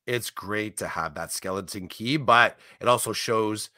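A man with a fairly low voice and a bright, forceful tone co-hosts a casual conversation. He sounds encouraging and reflective. The recording is dry and close. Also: unhurried, dry recording. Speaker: co-host. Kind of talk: casual chat.

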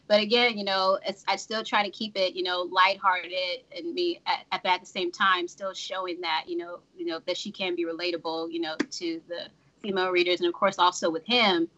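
A woman's voice: fairly low pitch, steady tone, brisk, pushed and bright, muffled recording. A woman author on a casual panel, rambling with lots of "you know" fillers. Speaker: panel guest, romance author.

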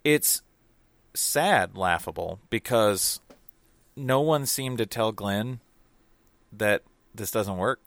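A man's voice: lowish voice, slow pace, long pauses, a bit bright, no echo. A man in casual podcast chat, rambling with lots of fillers and restarts. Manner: rambling, hesitant, many fillers. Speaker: podcast co-host reviewing a film.

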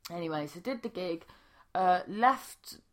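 A woman's voice: fairly low pitch, lively intonation, unhurried. A young woman, a stand-up comedian, telling a rambling casual story with swearing and many restarts.

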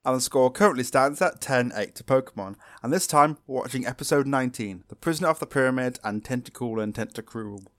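A male podcast co-host recaps episodes in a sarcastic, chatty manner during casual podcast talk. He speaks at medium pitch, quickly, with few pauses.

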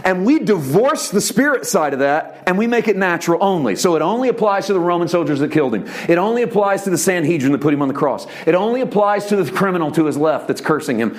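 Male pastor, animated sermon delivery, very lively intonation. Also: fast talker, few pauses. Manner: animated preaching, shifts between soft low tones and raised emphasis; voices quoted speech in a conversational preacher's tone.

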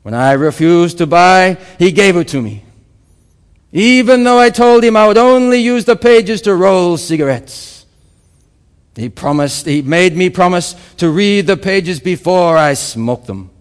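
A man voicing a grateful male African conference speaker with an African accent, in a booming storytelling manner. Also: expressive, clean tone, long reverb tail. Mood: earnest. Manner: booming storyteller, drawn-out punch lines.

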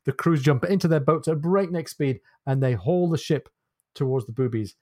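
A man's voice: fairly high pitch, darkish tone, no echo. Man retelling a novel, dry sound. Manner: measured, descriptive storytelling with occasional hesitations. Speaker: podcast co-host.

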